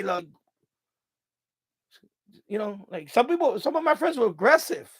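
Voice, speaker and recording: A man's voice: extremely high pitch, big pitch swings, a little slow, long pauses, slightly rough, no room sound. A middle-aged man hosting a live stream, telling stories in a rambling, casual way, laughing often and repeating himself. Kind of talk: casual storytelling monologue.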